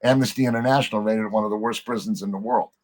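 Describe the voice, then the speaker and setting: A middle-aged man, a podcast guest, telling a story in a lively way, acting out the lines of the people in it and swearing casually. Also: fairly low pitch, rapid-fire. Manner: animated storyteller, acts out quoted dialogue, swears casually.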